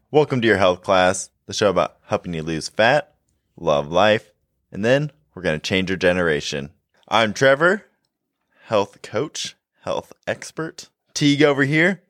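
A man's voice: fairly low pitch, a little slow, dry recording, studio quality. A young man co-hosting a health podcast, chatting casually and joking, laughing often. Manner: animated, laughs often, jokey. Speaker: podcast co-host, health coach.

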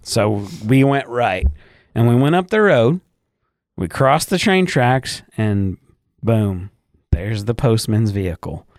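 A man's voice: medium pitch, slow, no echo, studio quality. A man telling a crude story in casual podcast chat, cursing freely and acting out voices. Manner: profane, animated retelling with quoted voices. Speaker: podcast co-host.

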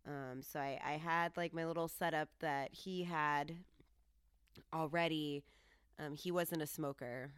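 A woman from Colorado telling a story casually as a podcast host, jumping up in pitch when she quotes herself. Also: a little slow, clear, resonant tone, no room sound, studio quality. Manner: lively, jumps high when quoting herself.

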